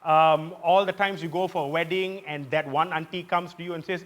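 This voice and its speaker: Hosting on a live theatre stage, a man with a Malaysian English accent performs a satirical comedy monologue, punchy and prone to shouting his punchlines. His voice is a little high and steady, at a moderate pace, with audience laughter behind him.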